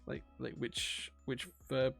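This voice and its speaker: Chatty man, gravelly. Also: mid-range voice, level tone, slow pace, a bit bright, soft background music. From England. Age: 40s. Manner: chatty, self-deprecating, reads chat aloud. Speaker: streamer building a keyboard. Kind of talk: casual live-stream chat.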